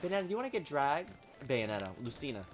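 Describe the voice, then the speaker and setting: A man giving excitable live commentary while playing a video game, talking at the screen and swinging from low mutters to sudden shouts. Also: fast talker, music in the background. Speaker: gaming channel host.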